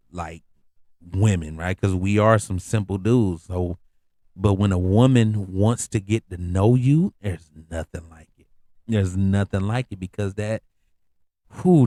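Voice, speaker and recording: A man hosting a podcast in a relaxed, slangy storytelling voice that sits low. He circles back and repeats lines for emphasis. The sound is close and dry, with no room around it. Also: takes it slowly, no room sound. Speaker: podcast host. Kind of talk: casual storytelling monologue.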